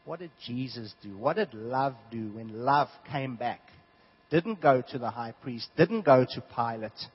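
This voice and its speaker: Animated man preaching a sermon. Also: medium pitch, measured pace, husky. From South Africa. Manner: animated storytelling, swings from hushed to loud. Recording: dull lo-fi sound.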